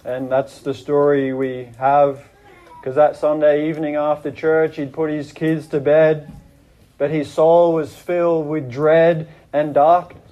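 Muffled pastor telling a sermon story. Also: male voice, flat delivery, measured pace. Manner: earnest, dramatic retelling, voice dropping low and rising in quoted prayers.

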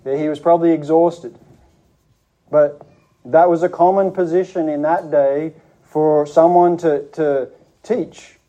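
A man preaching a sermon to his church, speaking in an earnest, measured teaching manner with frequent restarts. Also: a little high, steady tone, mellow.

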